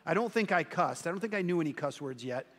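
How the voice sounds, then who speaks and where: A man's voice: fairly high pitch, animated, fast, fairly bright tone, big-room sound. A male pastor preaching a sermon in a conversational, self-deprecating storytelling manner.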